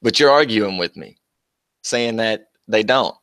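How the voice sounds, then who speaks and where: On his casual livestream, a young host reads chat aloud and swaps mocking, profane jabs with commenters, laughing often. His voice is lowish, animated, and a bit bright, with an unhurried pace and no echo.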